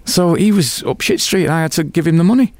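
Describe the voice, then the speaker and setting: An older British man, appearing as an interview guest, speaks quickly in a fairly high voice with lively intonation and no room sound. He tells stories animatedly in a casual way, swearing freely and acting out what other people said.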